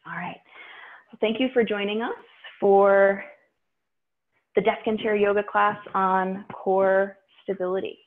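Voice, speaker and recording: A woman teaching a guided yoga class, calmly cueing breaths and poses. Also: mid-range voice, a little slow, pauses often. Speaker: yoga instructor. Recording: tinny phone-like audio.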